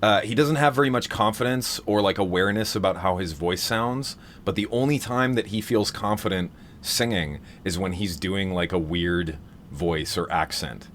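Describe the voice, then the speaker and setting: A man with a very low voice talks casually on a live stream, wandering through his thoughts with plenty of fillers and restarts. A faint hiss of noise sits under his voice. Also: normal speed, fairly bright tone. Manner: rambling, many fillers and restarts. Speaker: streamer hosting a vocal seminar.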